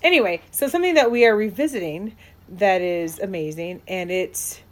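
A woman's voice: mid-range voice, lively intonation, normal speed. A young woman co-hosting a podcast in casual chat, rambling with many fillers and restarts and laughing often. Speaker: podcast co-host.

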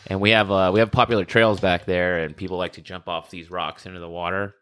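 Deep-voiced man telling work stories. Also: fast talker, smooth, dry recording. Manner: animated storytelling, acts out voices in quotes. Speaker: paramedic. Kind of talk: casual chat.

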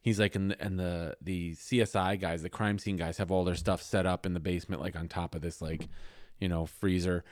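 Podcast guy, lowish voice, dry close sound, crude and excitable telling a story. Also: moderate pace, dry recording. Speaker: podcast co-host. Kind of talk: casual chat.

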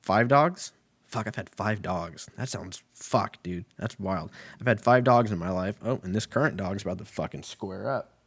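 A man's voice: sits low, moderate pace, few pauses, slightly rough, dry recording. A man in his thirties hosting a podcast, rambling alone in a crude, profane, self-mocking way that keeps drifting into tangents. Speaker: podcast host. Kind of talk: rambling casual monologue.

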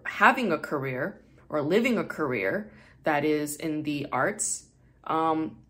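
Hosting a podcast in English, which isn't her first language, this woman has a lowish, fairly bright voice. Her talk is casual and candid, with free swearing and frequent laughter.

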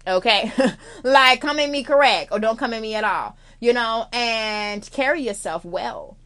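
A woman's voice: on the high side, measured pace, sharp tone. A young adult woman from the United States giving blunt, sassy life advice in a casual monologue, swearing freely and calling the listener girl.

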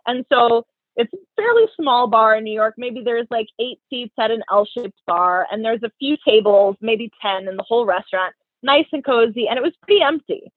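A woman tells dating stories in casual chat, chatty and animated. Her voice is a bit high and husky. The sound is dry and tinny, like a phone line. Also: normal speed, dry recording. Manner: chatty, animated storytelling with lots of "like". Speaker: podcast co-host.

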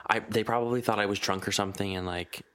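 A man co-hosting a podcast in casual chat, telling rambling, profane stories full of fillers and jumping high when he quotes people. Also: fast, clean tone. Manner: animated storyteller, jumps up high for quoted voices. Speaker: podcast co-host.

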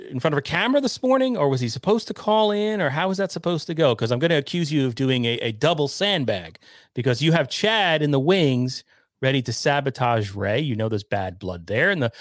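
Stream host guy, teasing and wry, middle pitch, dry close sound. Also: expressive, fairly quick, dry recording. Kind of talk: casual live-stream chat.

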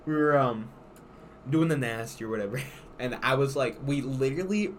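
A man's voice: mid-range voice, moderate pace, slight background noise. A young man hosting a podcast in casual chat, telling a rambling story full of crude slang. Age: young adult. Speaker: podcast host.

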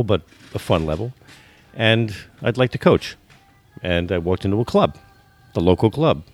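Deep-voiced older American man, halting. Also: no echo. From United States. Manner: halting, many repeated words and restarts. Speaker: guest, football business consultant. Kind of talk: storytelling in a podcast interview.

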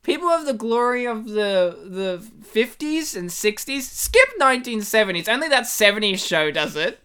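A woman's voice: a little high, big pitch swings, moderate pace, fairly bright tone, clean tone. A woman co-hosting a casual movie chat, joking, laughing often and acting out lines from the film. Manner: jokey, laughs often, acts out quotes. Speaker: podcast co-host.

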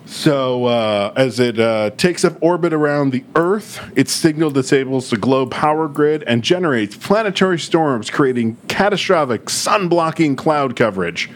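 Casual male co-host, animated delivery, wide pitch swings, faint background hiss. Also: moderate pace, hardly any pauses. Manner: animated, laughs often, acts out quotes. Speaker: podcast co-host. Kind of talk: casual chat.

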